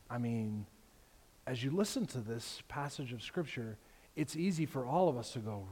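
A man's voice: mid-range voice, expressive, normal speed, a little mellow, breathy edge. A man preaching a sermon as pastor, casual and conversational, acting out the people in his story. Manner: storytelling with voiced characters, conversational asides. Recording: long reverb of a large hall.

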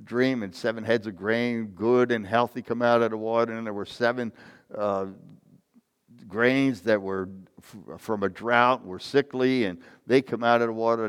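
A man's voice: mid-range voice, fairly even intonation, a little slow, clean tone. A man preaching a sermon, retelling a Bible story in an informal way, often correcting himself as he goes and reading out verses. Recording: long hall reverb.

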